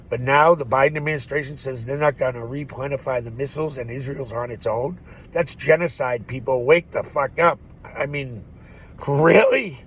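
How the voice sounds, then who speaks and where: A man's voice: mid-range voice, a little hiss or hum, rough recording. A man rambling through a profane, laugh-filled monologue as a vlogger. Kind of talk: ranting monologue.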